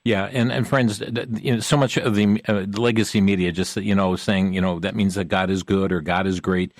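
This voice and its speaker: Man, talk show host, low voice, folksy, addresses viewers, halting, dry sound. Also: steady tone, no echo. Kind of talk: Christian TV talk show hosting.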